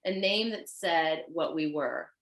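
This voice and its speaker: A woman with a Haitian accent, a fashion designer guest telling stories in an animated, chatty way. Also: low-pitched, takes it slowly. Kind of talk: casual chat. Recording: roomy echo.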